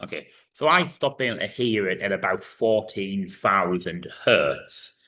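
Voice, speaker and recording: A man in his thirties with a very low voice talks through a recorded physics lesson. His tone is bright and forceful, and he explains each step with frequent fillers. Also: animated, a little slow. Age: 30s. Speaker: physics teacher.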